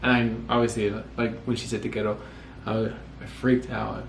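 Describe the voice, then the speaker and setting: Gravelly young man telling a story. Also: on the low side, little pitch movement, moderate pace. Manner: rambling, self-correcting, quotes himself often. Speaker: vlogger telling couple's story. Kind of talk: casual storytelling. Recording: echoey room with faint noise.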